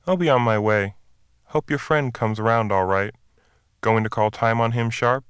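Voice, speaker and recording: A man's voice: medium pitch, normal speed, fairly bright tone, clean tone, no echo, clean studio sound, close to an everyday voice. A man reading the part of an easygoing beat policeman who asks friendly, casual questions.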